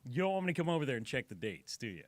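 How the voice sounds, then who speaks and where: A man's voice: mid-range voice, big pitch swings, very fast, no echo. A man who voices commercials, bantering and telling stories on a morning radio show at a studio mic. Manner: teasing, storytelling, laughs often. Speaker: radio station staffer, voice-over announcer.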